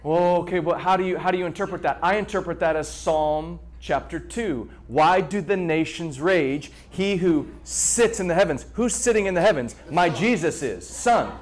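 A man preaching a sermon to a congregation in an animated way, repeating words and pausing for effect. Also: a little high. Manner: animated preaching with repetitions and dramatic pauses. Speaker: pastor.

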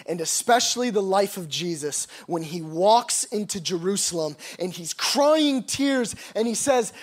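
A man's voice: sits high, lively intonation, measured pace, few pauses. A man preaching a sermon, reading scripture aloud and then expounding on it with emphatic, rising passages. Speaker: pastor.

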